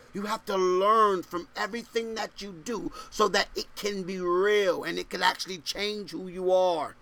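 A male pastor preaching a sermon, reading scripture loudly and dropping to low asides, full of repeated questions to the congregation.

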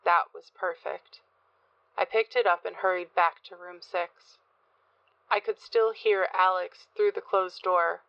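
A woman reading a first-person horror story as narrator in a measured, dark manner. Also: lowish voice, flat delivery, vocal fry, dry recording, dull audio. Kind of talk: scripted horror audiobook narration.

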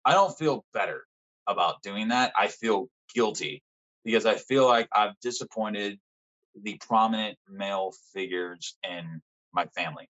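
A young man as a podcast guest, frankly telling a personal story in casual conversation, swearing often and pausing with fillers. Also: fairly low pitch, a bit bright, highs cut off.

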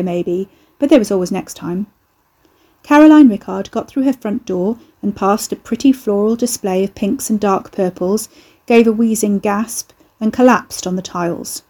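Woman audiobook narrator, steady and even, mellow with a husky edge. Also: mid-range voice. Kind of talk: scripted narration.

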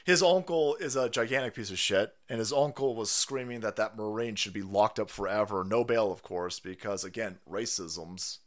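A man's voice: on the low side, normal speed, hardly any pauses. A man ranting on a live stream, sarcastic and profane, who often laughs at his own jokes. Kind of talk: profane political rant.

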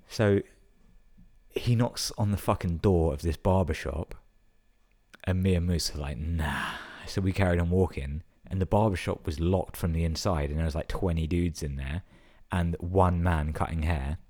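A man's voice: low-pitched, moderate pace, mellow. A young man tells stories casually, swearing a lot and filling his talk with 'like'. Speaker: vlogger telling stories. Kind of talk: casual storytelling.

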